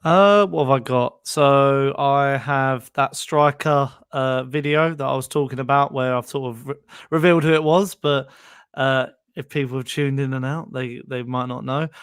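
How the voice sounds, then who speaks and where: A man with a smooth, resonant voice chats as a podcast guest. He sounds relaxed and laughs easily. The recording is dry. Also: medium pitch, normal speed, dry recording. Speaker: podcast guest, fellow channel creator. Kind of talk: casual podcast chat.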